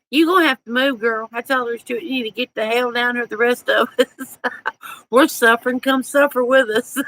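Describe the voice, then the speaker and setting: A woman's voice: a little high, a bit bright, poor audio. Southern US woman, live stream host, chatty and folksy, laughs a lot, faint background noise. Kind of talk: casual live chat, reading viewer comments.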